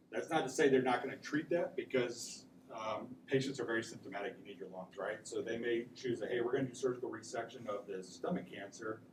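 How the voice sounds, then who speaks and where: A man giving a casual classroom lecture, often checking in with "right?" as he tells stories. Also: mid-range voice. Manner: casual, conversational, peppered with "right?". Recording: echoey room mic from far off, noisy.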